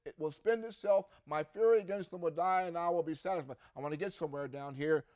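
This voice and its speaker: A man's voice: fairly high pitch, fast talker, darkish tone. A man co-hosting a religious podcast, reading scripture aloud with rising emphasis and adding his own comments. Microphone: podcast mic.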